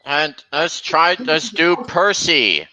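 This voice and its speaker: A man's voice: a little high, expressive, takes it slowly, lo-fi sound, crowd noise. A man hosting a casual stream, chatting over video clips and pointing out details to his viewers. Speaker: stream host.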